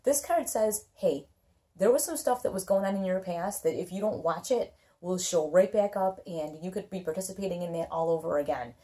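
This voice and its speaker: A woman's voice: on the low side, fairly quick, mellow. Chatty woman giving a tarot reading. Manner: chatty, reassuring, frequent "okay?" and "like". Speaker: tarot reader. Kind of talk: casual tarot reading to camera.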